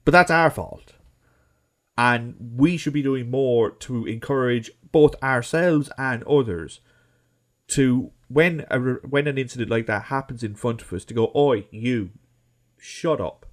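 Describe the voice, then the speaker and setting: A man's voice: medium pitch, a little slow. A man on a football podcast, talking emphatically and acting out what people should say. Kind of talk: casual football podcast chat.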